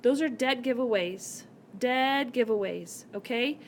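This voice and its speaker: A woman with a high voice walks through a whiteboard lesson, explaining each step in a chatty, friendly way. She talks into a laptop mic, and faint noise hums underneath. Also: a little slow, a bit bright. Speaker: Spanish teacher.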